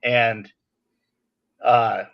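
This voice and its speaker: A man hosting a casual podcast chat, telling an animated, venting story in an everyday voice. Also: mid-range voice, extremely slow, creaky, clean tone, dull audio. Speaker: podcast host.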